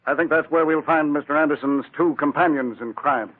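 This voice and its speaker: Actor as a shrewd, unflappable district attorney, 1940s radio play, phone-thin broadcast. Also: male voice, a little high, brisk, no room sound, lightly acted. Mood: calm. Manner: cool, dry and authoritative. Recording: tinny old radio broadcast.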